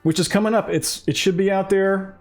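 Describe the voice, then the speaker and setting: A man's voice: high-pitched, fairly even intonation, fairly quick. A man co-hosting a music reaction show, chatting casually and eagerly explaining musical details. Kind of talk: casual chat reacting to songs.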